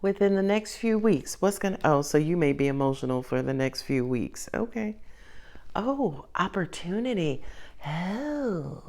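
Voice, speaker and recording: A woman giving a casual tarot reading to her viewers, expressive and playful, coaxing them and laughing often. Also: fairly low pitch, measured pace. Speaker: tarot reader.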